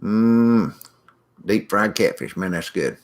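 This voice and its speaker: Middle-aged guy hosting a live chat, kinda low voice, folksy and rambly, says hi to folks by name. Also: expressive, slow. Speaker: livestream host reading viewer chat. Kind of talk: casual chat.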